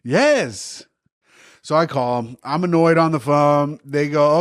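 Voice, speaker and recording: A fairly high-pitched man speaks at a measured pace while co-hosting a comedy podcast in New York. Animated in his storytelling, he recounts events in casual talk and acts out people's quotes.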